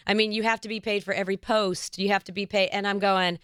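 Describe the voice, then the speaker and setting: Woman podcast host, lively storyteller who acts out quotes; clean, resonant voice, dry studio sound. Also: mid-range voice, fast, smooth, no echo. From United States. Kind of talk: casual interview chat.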